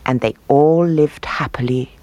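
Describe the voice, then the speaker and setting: A woman reading a fairy tale aloud in an expressive, lilting storybook manner. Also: a bass voice, measured pace, highs cut off.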